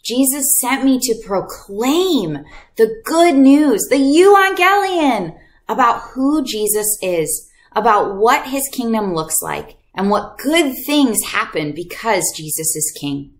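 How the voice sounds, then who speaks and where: Animated woman teaching a kids' Bible lesson. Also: a little high, takes it slowly. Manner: animated, acts out voices for kids. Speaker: children's ministry teacher. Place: church video lesson.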